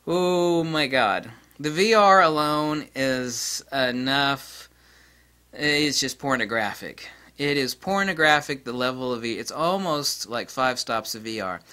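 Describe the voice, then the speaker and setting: A man with a bright, forward voice reviews camera gear in a loose, casual vlog. He talks bluntly and crudely and gets worked up fast, with bursts of laughter. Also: medium pitch, animated, smooth.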